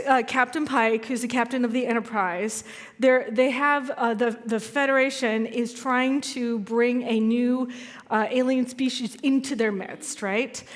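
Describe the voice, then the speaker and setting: A fairly high-voiced woman minister speaks to her congregation in a loose, storytelling way, poking fun at herself as she goes. Her voice rings out with a long reverb from a large hall. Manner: chatty, storytelling, self-deprecating humor. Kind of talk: conversational sermon. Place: church sanctuary.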